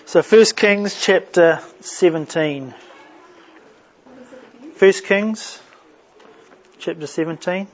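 A man teaches a Bible study at an unhurried pace, often restarting his sentences. His voice sits high, and the recording sounds dull and lo-fi. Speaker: pastor.

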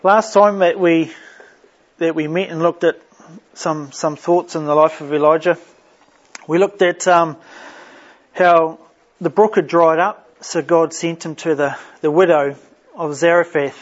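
A man teaches a Bible study at an unhurried pace, often restarting his sentences. His voice sits high, and the recording sounds dull and lo-fi. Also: steady tone. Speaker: pastor.

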